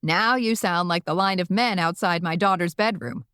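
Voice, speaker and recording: A woman's voice: on the low side, moderate pace, fairly bright tone, smooth, dry recording, lightly acted. A brash old witch grandmother working a stand-up crowd with bawdy, brassy timing, as a woman narrator puts her on. Her lines punch upward at the jokes. The reading is close and dry. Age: older. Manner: brassy, bawdy comic delivery.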